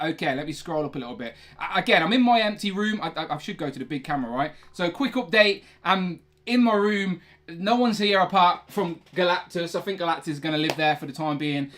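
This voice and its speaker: A man's voice: on the high side, fairly bright tone. A young man hosting a casual toy collecting livestream from his room, chatty and rambling, often correcting himself. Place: his own room, indoors.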